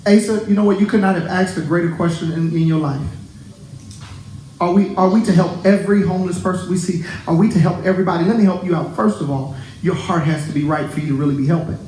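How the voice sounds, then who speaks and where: A male pastor preaching a sermon to his congregation, animated and laughing often as he talks. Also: high-pitched, quick pace, reverberant, slight background noise, poor audio. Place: church sanctuary.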